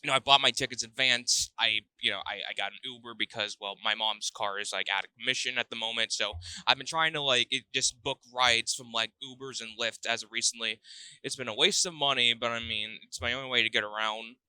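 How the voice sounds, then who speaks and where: A man's voice: medium pitch, fairly quick, bright, forceful tone, clean tone, dry recording. A young man from Missouri, a podcast guest telling a rambling story in casual chat, often restarting his sentences. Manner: rambling, self-interrupting storyteller.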